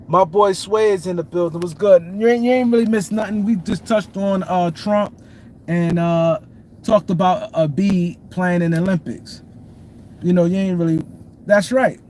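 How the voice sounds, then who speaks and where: A man's voice: sits high, fairly even intonation, moderate pace, mellow, a little hiss or hum. A man hosting a casual sports talk stream, repeating points and greeting viewers by name. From New York City. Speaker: show host. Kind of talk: casual sports commentary livestream.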